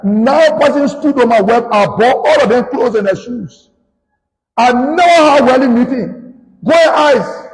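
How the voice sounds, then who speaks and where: A man's voice: very high voice, animated, unhurried. Fiery Liberian man ranting in a reverberant space. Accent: Liberian English. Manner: loud, combative, accusing, swings between shouting and muttering. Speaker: politician. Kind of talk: fiery political rant.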